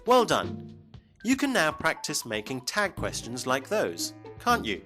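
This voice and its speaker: A man presenting a scripted English lesson, speaking clearly and slowly for learners. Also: on the high side, wildly swooping pitch, bright, forceful tone, soft background music. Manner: clear, slow teaching delivery. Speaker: English teacher.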